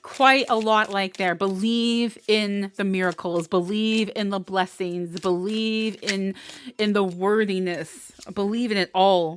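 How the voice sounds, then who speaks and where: Woman tarot reader, slow unhurried pace, smooth clear voice, dry close sound, emotional and encouraging. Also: medium pitch, a bit bright, no echo. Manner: emotional, encouraging, laughs often. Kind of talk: live intuitive tarot reading. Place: indoors, live stream.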